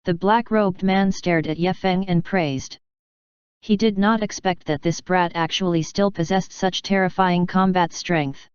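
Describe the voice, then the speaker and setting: A woman reads a fantasy novel aloud in a steady, even narration with a low, very smooth and resonant voice. She sounds close and dry, with the highs slightly dulled. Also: a little slow, no room sound, highs cut off. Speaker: audiobook narrator.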